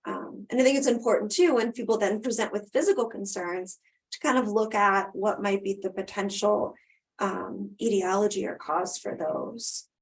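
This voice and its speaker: A woman's voice: mid-range voice, moderate pace. Conversational woman presenting a webinar. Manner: conversational, with frequent ums and restarts. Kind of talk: live webinar Q&A and wrap-up. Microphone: video call.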